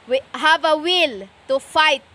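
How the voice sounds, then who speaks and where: Very high, slow, stern preaching woman. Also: pushed and bright. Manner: stern and lecturing, slow with many pauses and fillers. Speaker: self-styled preacher. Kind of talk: impassioned spiritual monologue.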